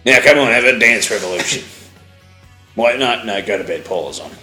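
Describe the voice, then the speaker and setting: A man voicing a gruff, bullying father. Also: fairly low pitch, lively intonation, fairly quick, sharp tone. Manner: gruff, scolding. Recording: roomy with faint music.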